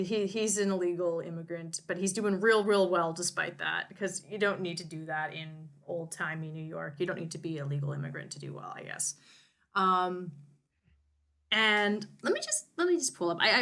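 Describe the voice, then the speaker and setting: Bright, wry woman recapping a story. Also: mid-range voice. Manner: rambling, wry, lots of restarts and asides. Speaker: co-host summarizing a novel. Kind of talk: casual recap chat.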